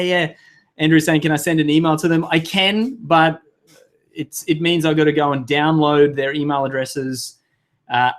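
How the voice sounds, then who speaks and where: Struggling with technical problems, this webinar host keeps the talk casual and chatty, cursing and laughing at his own fumbles during the live session. He speaks with a fairly high, fairly bright voice.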